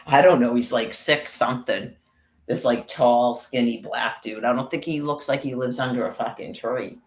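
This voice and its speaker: A man's voice: mid-range voice, moderate pace. Guy ranting while out on a walk, cursing a lot, kinda roomy echo on it. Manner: profane, rambling, addresses viewers by name. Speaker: vlogger. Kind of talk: rambling walking monologue. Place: outdoors on a walk.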